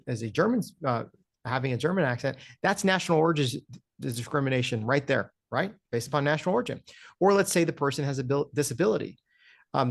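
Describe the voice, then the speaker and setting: A man's voice: mid-range voice, gravelly. A man explaining things earnestly as a guest on an interview show, often checking in with "right?" and restarting his words.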